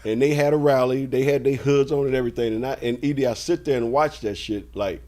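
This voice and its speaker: A man's voice: medium pitch, quick pace. A man, a former basketball player, hosting a casual podcast chat and often chiming in to agree. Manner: relaxed, frequent agreeing interjections.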